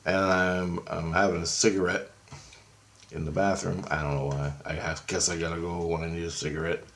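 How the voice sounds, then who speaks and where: A man who has just woken up, clearing his throat as he tells a long personal dream story, halting and meandering with many fillers and restarts. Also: sits low, little pitch movement, fairly bright tone, a little hiss or hum. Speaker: video blogger recounting a dream.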